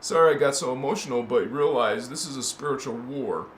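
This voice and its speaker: A man hosting a spiritual talk, rambling between quiet musing and impassioned shouts. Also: mid-range voice, fairly quick, a loud crowd. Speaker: spiritual channel host. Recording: echoey room with faint noise.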